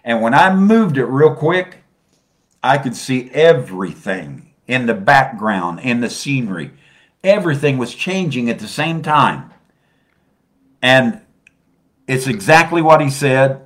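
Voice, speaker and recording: A man preaching a sermon, swinging between soft and loud and stretching out phrases for emphasis. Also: medium pitch, sing-song, unhurried.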